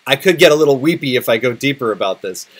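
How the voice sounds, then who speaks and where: A man's voice: mid-range voice, animated, fast talker, fairly bright tone. A middle-aged man hosting a podcast in casual chat, candid and emotional, swearing freely. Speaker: podcast host.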